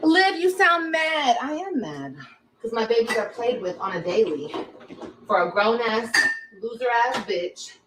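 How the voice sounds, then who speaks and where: A woman's voice: fairly high pitch, very animated, unhurried, background noise. A woman venting on her livestream in a defiant, profane rant.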